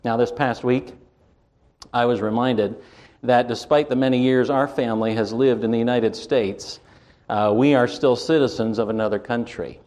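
A man from Canada preaching a sermon from the pulpit, slow and emphatic, with wide swings in pitch and loudness. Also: fairly even intonation. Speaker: pastor.

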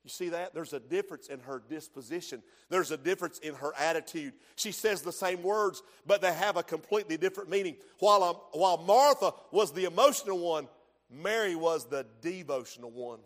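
A man preaching a sermon as pastor, swinging from hushed lines to shouts in a church sanctuary. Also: fairly high pitch, fairly quick. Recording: long hall reverb.

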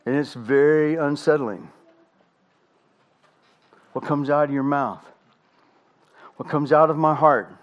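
Man preaching with slow dramatic pauses. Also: on the high side, dull audio. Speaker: pastor. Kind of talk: sermon.

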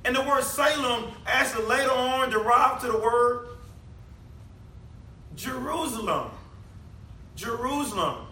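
High, bright preacher man. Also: expressive, measured pace, long pauses. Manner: conversational preaching full of rhetorical questions. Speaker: pastor. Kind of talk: sermon. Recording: echoey room, mic at a distance.

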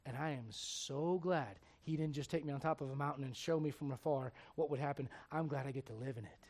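A man preaching a sermon as pastor, speaking emphatically with loud bursts and direct questions to the congregation. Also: mid-range voice, a little fast.

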